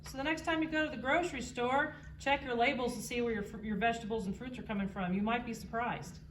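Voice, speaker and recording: Woman, playful asides, higher voice, faint background noise. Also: steady tone, fast talker. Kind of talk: chiming in during a class. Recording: distant echoey room.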